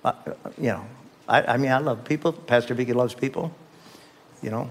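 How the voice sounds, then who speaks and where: A man's voice: mid-range voice, moderate pace. An older man preaching a sermon as pastor, emphatic and repetitive, often calling on the congregation to respond. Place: church sanctuary.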